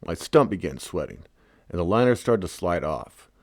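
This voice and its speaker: A man's voice: sits low, sing-song, moderate pace, gravelly, a little mellow, no room sound, studio quality. A man reading his own memoir aloud in a wry, casual storytelling manner. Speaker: narrator.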